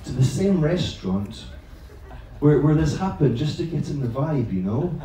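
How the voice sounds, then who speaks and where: A man's voice: a little high, big pitch swings, moderate pace, mellow. A man, a teacher trainer, telling a comic story live to an audience, chatty and self-mocking, swearing freely. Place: large echoing room at an evening event. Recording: very echoey room, voice far from the mic.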